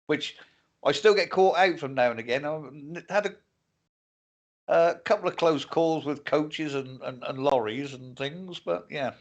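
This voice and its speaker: A man's voice: on the high side, a little slow, muffled recording. An older man co-hosting a casual livestream chat, rambling and plainspoken, with frequent swearing. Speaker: co-host.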